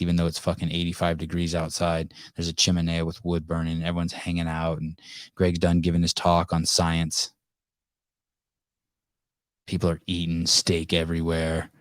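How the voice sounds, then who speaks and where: A deep-voiced man hosts a live call-in podcast in loose, casual chat. He rambles, swears freely and restarts his sentences often. The sound is close and dry, with no room around it. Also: dry recording. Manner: rambling, profane, many restarts and fillers. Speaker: podcast host.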